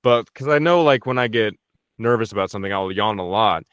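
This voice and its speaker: A man's voice: on the low side, brisk, fairly bright tone, smooth, dry recording, studio quality. A young man, a voice actor, chatting casually and jokingly in an interview, swearing freely. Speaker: voice actor guest.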